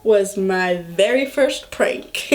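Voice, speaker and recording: A young woman vlogger telling a personal story in a slow, halting way, full of filler words. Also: on the high side, a little mellow. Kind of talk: storytime vlog.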